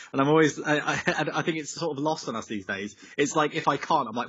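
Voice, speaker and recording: A man's voice: fairly high pitch, animated, fast, hardly any pauses, slightly rough, no room sound. A young man, a musician, chatting over a video call, rambling with lots of fillers and tangents. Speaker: musician guest. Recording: slightly dull, dry call audio.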